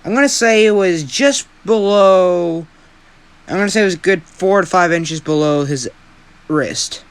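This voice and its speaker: A man's voice: high-pitched, unhurried, clear, resonant tone. A young man who hosts a fan-story channel, telling an improvised story in a rambling, self-deprecating way with a lot of swearing.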